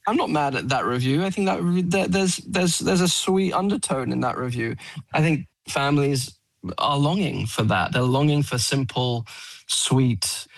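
A man, a film actor, answering interview questions in an earnest, animated way, often restarting phrases. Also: medium pitch, normal speed, creaky, no echo, rough recording. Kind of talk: radio interview. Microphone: studio mic.

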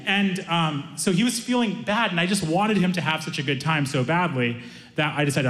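A man telling an animated story on stage as a stand-up comedian. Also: on the high side, moderate pace. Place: comedy club stage with a live audience. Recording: echoey room with crowd laughter. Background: audience laughing.

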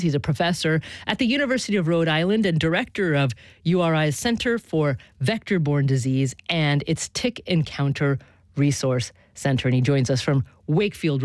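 A woman hosts a public radio interview from a studio. She asks measured, probing questions and keeps them loose with casual fillers. The sound is dry and close, with no room around it. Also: sits low, no echo. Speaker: radio show host. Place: studio in Boston.

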